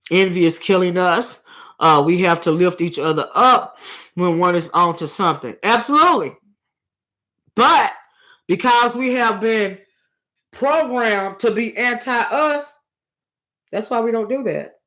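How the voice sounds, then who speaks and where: A woman giving impassioned opinion commentary, preachy and hollering at times, stumbling over her words and repeating phrases for emphasis, close on a loud microphone. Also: mid-range voice, measured pace, long pauses. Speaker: commentary channel host. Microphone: loud close desktop microphone.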